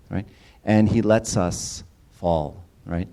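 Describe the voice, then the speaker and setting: Casual church speaker, a man with a mellow, dark voice who keeps tossing questions to the room. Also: mid-range voice, lively intonation, normal speed. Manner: casual, engages audience with questions and repeated "right?". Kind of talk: conversational sermon talk.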